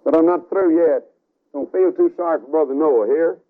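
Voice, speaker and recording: A man preaching a revival sermon, telling a story dramatically with sudden swings between loud and soft, on a tinny radio broadcast recording. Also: a little high, moderate pace.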